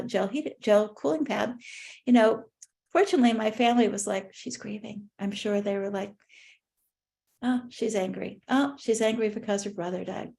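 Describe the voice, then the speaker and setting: A middle-aged woman giving a conversational workshop talk to caregivers on supporting grief, gentle and often restarting her sentences. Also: medium pitch. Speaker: workshop presenter on grief care.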